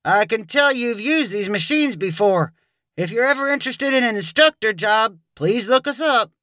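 A woman's voice: a little high, animated, normal speed, a bit bright, dry recording, pitched above the performer's own voice. Woman doing a young guy bulldozer instructor, friendly, kinda forced, dry sound.

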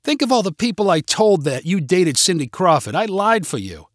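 A man putting on a loud pushy wife. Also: high-pitched, sing-song, moderate pace, no room sound, clean studio sound, voice pushed up. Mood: indignant. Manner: loud, insistent, indignant. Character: pushy jealous wife, middle-aged.

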